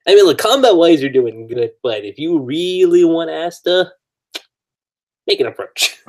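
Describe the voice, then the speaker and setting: A man's voice: on the high side, expressive, unhurried, darkish tone. A man hosting a podcast, chatting casually through an anime recap, laughing often and acting out character lines. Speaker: podcast host.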